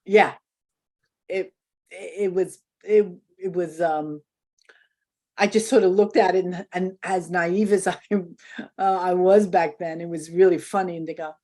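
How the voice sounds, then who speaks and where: Older woman telling lively anecdotes. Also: fairly low pitch, measured pace. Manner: animated anecdotes, acts out quotes, laughs often. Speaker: interview guest. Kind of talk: casual storytelling interview.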